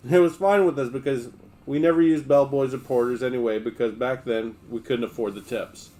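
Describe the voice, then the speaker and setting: A man hosting a livestream, reading a memoir aloud in a steady, relaxed first-person voice. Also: medium pitch, a little fast.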